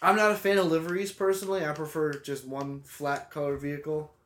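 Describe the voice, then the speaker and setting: A man with a slightly raised pitch chats as a guest on a rowdy podcast. He explains car terms patiently and breaks into laughter often. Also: level tone, a little fast, a bit bright. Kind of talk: casual podcast chat about a racing game.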